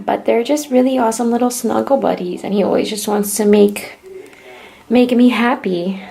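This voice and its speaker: A woman's voice: medium pitch, vocal fry, darkish tone. A young woman in casual vlog chat, talking in a rambling way with many filler "likes". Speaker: vlogger.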